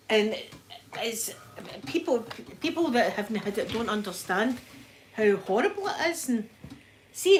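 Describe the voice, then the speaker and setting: A woman with a Glaswegian accent chatting to live viewers in an animated way, a little breathless as she recovers from illness. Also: fairly high pitch. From Scotland. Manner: chatty, animated storyteller, reads out chat names. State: a bit breathless after illness. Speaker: livestream host. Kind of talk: casual chat with live viewers.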